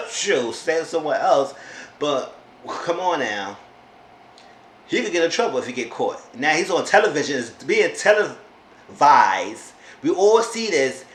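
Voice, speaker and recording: A man casually recapping a reality show episode in an animated way, often talking back to the people on it. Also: a little high, unhurried. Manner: animated, talks back to the characters. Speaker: YouTube reality-TV reviewer. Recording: roomy echo, faint background noise.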